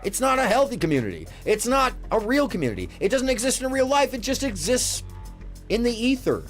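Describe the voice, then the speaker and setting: A man's voice: extremely high pitch, brisk, faint music behind. A man hosting a live call-in stream, talking casually in a rambling, jokey way. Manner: animated, rambling, jokey, swearing. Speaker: live call-in show host.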